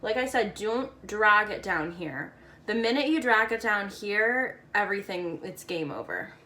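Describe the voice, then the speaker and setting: A woman's voice: medium pitch, animated, measured pace, pushed and bright. A woman casually talking through a makeup tutorial, chatty and playful with slangy asides.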